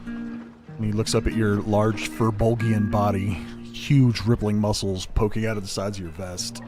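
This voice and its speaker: A man's voice: lowish voice, flat delivery, a little slow. A man narrating a tabletop game as game master, loose and rambling with lots of fillers. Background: guitar music.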